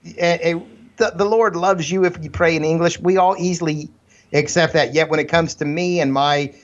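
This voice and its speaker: A man's voice: on the high side, steady tone, normal speed. A man co-hosting a casual religious podcast, earnest and fond of long anecdotes full of "you know". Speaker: podcast co-host. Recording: slightly dull, lo-fi sound.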